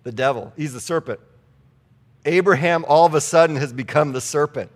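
A man's voice: on the high side, a little fast. A man preaching a sermon in a conversational way, reading scripture aloud and asking the congregation rhetorical questions. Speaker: pastor.

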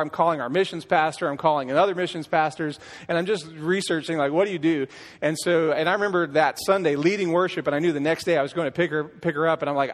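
On a church stage, a middle-aged worship leader with a rather high voice shares his personal testimony as a story, acting out dialogue and restarting often. Long hall reverb trails his words.

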